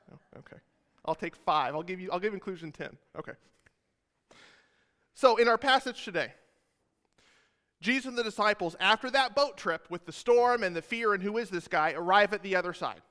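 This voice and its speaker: A man's voice: sits high, bright, forceful tone, smooth, long reverb tail. A man preaching a sermon as a pastor, retelling scripture in a casual way with joking asides to the congregation.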